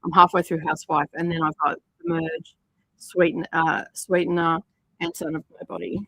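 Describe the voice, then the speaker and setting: A woman's voice: fairly low pitch, big pitch swings, moderate pace, vocal fry, bright, forceful tone, no room sound, poor audio. A woman hosting a crafting livestream, chatting casually and rambling with many fillers. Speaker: livestream host. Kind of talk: casual chat while crafting. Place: home craft studio.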